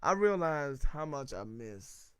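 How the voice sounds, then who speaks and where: Lively young man, says bro a lot. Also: medium pitch, slow pace, smooth, dry recording, studio quality. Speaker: podcast guest, comedian. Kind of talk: casual chat.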